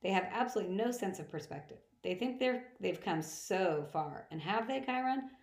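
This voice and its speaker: A woman's voice: mid-range voice, lively intonation, moderate pace, lightly acted. A woman voicing a petulant, scornful male wine god with a mocking drawl, in an echoey room.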